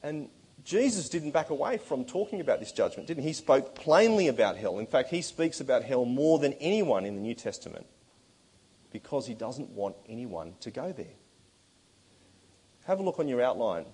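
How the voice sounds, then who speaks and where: A man preaching a sermon, earnest and emphatic, slowing down to stress key words. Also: mid-range voice, sing-song, dark tone, husky.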